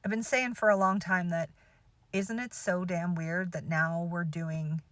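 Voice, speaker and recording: A woman spiritual teacher talking casually to her followers, animated and exclamatory, laughing often and swearing freely. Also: lowish voice, measured pace, no room sound. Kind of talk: casual monologue to camera.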